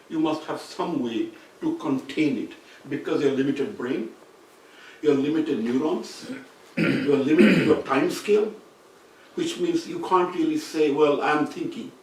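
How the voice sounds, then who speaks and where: Guy giving a seminar talk, kinda high voice, picked up from far off in a super echoey room. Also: darkish tone, a little hiss or hum. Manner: explanatory, circling back to rephrase points. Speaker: seminar speaker. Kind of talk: academic lecture. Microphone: distant room mic.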